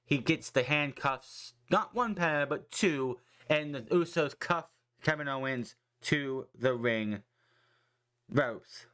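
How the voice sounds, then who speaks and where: A man's voice: mid-range voice, clear, resonant tone. Rambling, swearing man recapping wrestling. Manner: excited, rambling, swears freely, acts out quotes. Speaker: podcast host.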